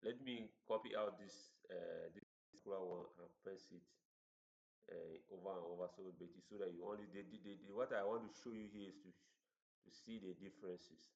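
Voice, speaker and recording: Halting man teaching code. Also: sits low, steady tone, gravelly, darkish tone. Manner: halting, repeats words while explaining. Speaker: coding instructor. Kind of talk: screen-share coding tutorial. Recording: roomy, dull lo-fi recording.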